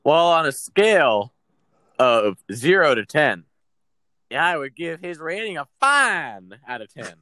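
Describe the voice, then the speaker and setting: A man co-hosting a casual wrestling podcast, speaking haltingly and laughing now and then. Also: fairly high pitch, very animated, pushed and bright, no room sound. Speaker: podcast co-host. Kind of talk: casual chat about wrestling.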